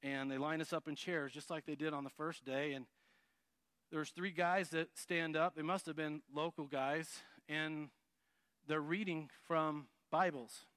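A man telling a personal testimony story, acting out quoted lines and dropping low for asides. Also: measured pace, clean tone, no room sound. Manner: lively narration, acts out quotes, drops to a low murmur for asides.

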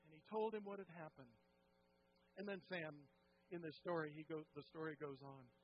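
A high-pitched man preaches in a church, his voice rising and falling as he tells the story. The recording is dull and lo-fi, with a faint hum underneath. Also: normal speed. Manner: animated, acts out quotes with rising pitch and volume, drops to hushed tones. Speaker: pastor. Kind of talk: sermon storytelling. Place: church sanctuary.

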